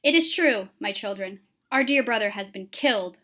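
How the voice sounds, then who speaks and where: A woman's voice: medium pitch, expressive, normal speed, pushed and bright. A woman reading as a grave, urgent elder. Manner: grave, urgent, emphatic stress on key words. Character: worried tribal elder addressing the young.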